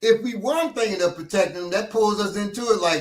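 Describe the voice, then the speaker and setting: A man telling lively street stories in casual chat, acting out the people in them. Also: sits high, fast talker, reverberant, far from the mic. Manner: animated storyteller acting out voices. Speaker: instructor. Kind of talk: casual storytelling.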